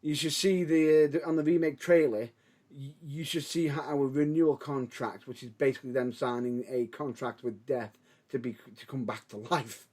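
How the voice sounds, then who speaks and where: A man's voice: mid-range voice, steady tone, normal speed, a little mellow. A man co-hosting a podcast, chatting enthusiastically and rambling with lots of restarts. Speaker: podcast co-host. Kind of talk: casual chat.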